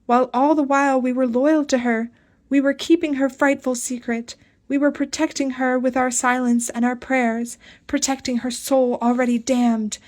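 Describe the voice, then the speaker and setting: A woman voicing a hysterical young woman in an audiobook, strident and accusing, her voice raised and shrill. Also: flat delivery, normal speed, darkish tone, close to an everyday voice. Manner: accusing, frantic.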